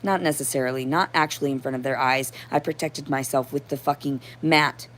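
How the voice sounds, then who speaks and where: A woman in an agitated confessional monologue, rambling and swearing, and at times rising to near-shouting. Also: very deep voice, steady tone, a little fast.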